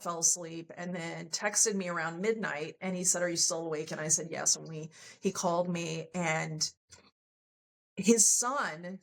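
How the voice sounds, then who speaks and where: A woman's voice: fairly low pitch, vocal fry, rough recording. A woman guest on a podcast, telling a personal story candidly and emotionally, acting out the lines of the people in it. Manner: earnest, emotional, acts out quoted dialogue.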